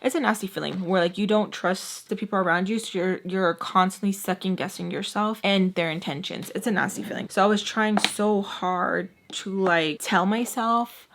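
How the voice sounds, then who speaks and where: A woman's voice: mid-range voice, moderate pace, hardly any pauses, fairly bright tone, a little hiss or hum. A young adult woman telling a personal story in a casual, chatty way, leaning heavily on "like" and acting out what people said. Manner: chatty, heavy use of "like", retells scenes with quoted voices. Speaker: vlogger.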